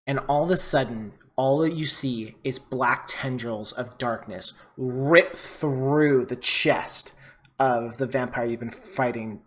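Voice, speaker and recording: A man's voice: medium pitch, a bit bright. A man narrating as game master of a tabletop game, casual and full of fillers.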